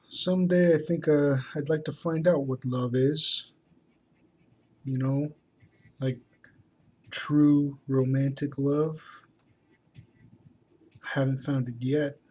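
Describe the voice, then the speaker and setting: A man's voice: on the high side, fairly even intonation, takes it slowly, long pauses, a little mellow, slightly rough. A man talking casually while he draws, rambling and hesitant, with many fillers and restarts. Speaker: artist. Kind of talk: casual talk while drawing.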